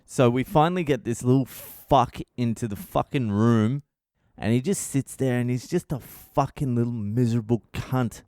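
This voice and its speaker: A middle-aged man spins a foul-mouthed comic story, getting more exasperated and bursting into shouts. His voice is smooth and resonant at a middle pitch. The sound is dry and close, with no room around it. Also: moderate pace, no echo. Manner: sweary, exasperated, builds to shouting rants. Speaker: comedian podcast host. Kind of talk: profane comic storytelling monologue.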